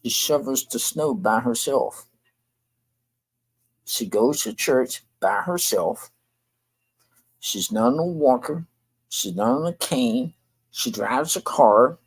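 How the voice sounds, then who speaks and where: A man's voice: on the high side, creaky, breathy edge, low-quality recording. An older man, hosting a talk show and complaining bluntly and repetitively. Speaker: show host. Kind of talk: venting monologue to camera.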